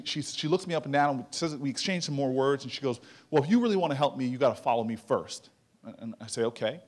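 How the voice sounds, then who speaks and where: A man's voice: on the high side, darkish tone. An American man in his thirties giving a motivational keynote speech, telling a story and acting out the quoted voices, often repeating words as he goes. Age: 30s. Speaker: keynote speaker.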